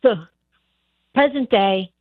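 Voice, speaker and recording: A woman's voice: fairly high pitch, slow, no room sound. A middle-aged woman calling in on the phone to a radio show, telling her story hesitantly with many restarts. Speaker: caller. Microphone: telephone. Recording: tinny phone line.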